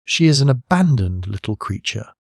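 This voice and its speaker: A man reading the part of a prim, motherly young girl in an audiobook, gently insistent. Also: mid-range voice, sing-song, normal speed, vocal fry, no echo, studio quality. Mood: scornful.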